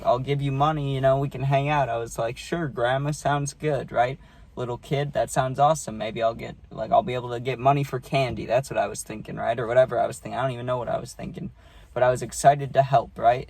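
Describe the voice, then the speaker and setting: A man's voice: medium pitch, creaky, darkish tone. A man telling a story from his childhood to camera in a loose, profane way, full of fillers and "right?" tag questions. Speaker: vlogger. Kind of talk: casual storytime.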